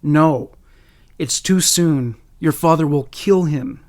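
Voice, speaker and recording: A woman's voice: deep voice, takes it slowly, darkish tone. A man voicing a frightened mother who stammers in panic. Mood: panicked.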